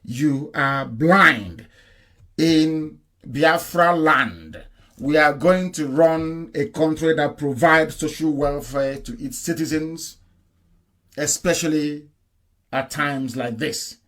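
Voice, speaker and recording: A man's voice: a little high, takes it slowly, a bit bright. A man delivering an impassioned political broadcast, emphatic and full of rhetorical questions and repetition. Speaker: activist broadcaster.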